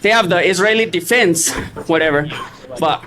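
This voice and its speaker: A man's voice: extremely high pitch, fairly quick, poor audio. A man filming at an outdoor street protest, arguing and provoking the people around him. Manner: argumentative, provoking. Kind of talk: confrontational street recording. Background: drumming and crowd chants.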